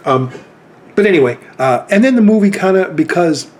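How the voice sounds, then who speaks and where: A man's voice: sits high, animated, normal speed, a little hiss or hum. A man in his fifties telling rambling anecdotes in a casual chat about his film collection.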